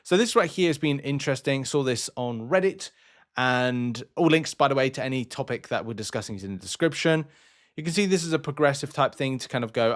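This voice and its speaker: A man's voice: mid-range voice, expressive, fairly quick. A man hosting a gaming channel, giving blunt, rambling advice in casual news commentary.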